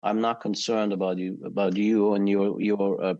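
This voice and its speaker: A middle-aged male guest with a fairly low voice talks casually on a podcast. He pauses often and fills the gaps with "uh". He also repeats his words as he gathers his thoughts. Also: little pitch movement, dark tone, dull audio. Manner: halting, many "uh" fillers and repeated words. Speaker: guest, touring bass tech. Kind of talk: casual interview chat.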